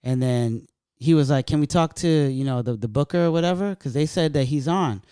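A man's voice: a little high, fairly quick, clear, resonant tone, dry recording, clean studio sound. A man from California, a stand-up comedian, telling loose, profane stories in casual chat. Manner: loose, profane, animated storytelling.

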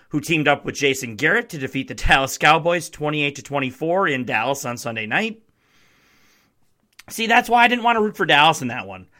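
A young Midwestern man from Wisconsin hosting a casual sports podcast from his basement, his voice a little hoarse from shouting, talking in an excitable, sarcastic, emphatic way. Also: medium pitch. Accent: Midwestern American. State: strained, slightly hoarse voice. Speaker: podcast host. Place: home basement.

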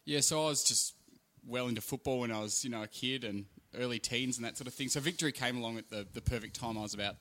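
A young man with an Australian accent, a guest on a casual podcast, talking in a laid-back, halting way. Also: medium pitch, a bit bright.

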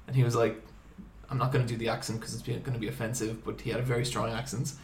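A young man hosts a podcast and spins an animated comic story, swearing freely as he goes. His voice sits at an ordinary middle pitch. The room is noticeably echoey. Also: very fast, slight background noise. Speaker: podcast host. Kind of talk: casual storytelling chat.

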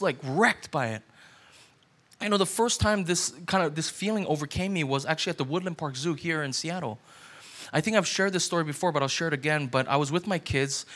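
A pastor in his thirties preaching with a high, light male voice. He talks in a loose, conversational way and then presses the congregation with urgent, repeated questions. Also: fairly bright tone. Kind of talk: sermon.

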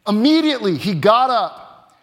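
High-voiced preaching man in a hall. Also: sing-song, normal speed, a bit bright. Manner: preaching with rising emphasis, reads scripture aloud. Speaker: pastor. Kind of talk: sermon. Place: church sanctuary. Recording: long reverb of a church hall.

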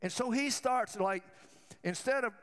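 A man's voice: very high voice, measured pace, fairly bright tone, big-room sound. A man preaching a sermon to his church, fervent and telling stories as he goes. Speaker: pastor.

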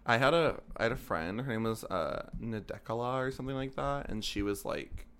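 A man's voice: medium pitch, brisk, a bit bright, slight background noise. A young man co-hosting a podcast in casual chat, rambling and hesitant with lots of filler words. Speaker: podcast co-host.

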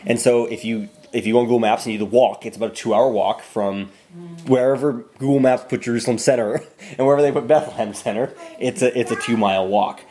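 A man leading an informal Bible study for a small group in a room, talking in a relaxed, conversational way and often restarting his phrases. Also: medium pitch, fast.

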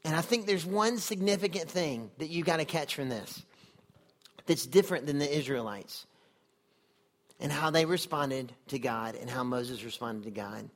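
A man with a fairly high voice preaches a sermon at a moderate pace. His manner is earnest and conversational, and he puts many questions to his listeners.

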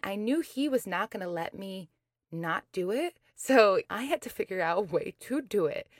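The host of a motivational talk-show podcast, a woman of medium pitch, tells a personal story in a chatty manner, laughing often and acting out her complaints. The recording is dry and studio-clean.

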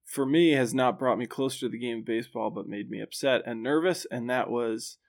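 Male podcast co-host, gravelly voice, dry teasing delivery. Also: medium pitch, brisk. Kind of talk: casual chat.

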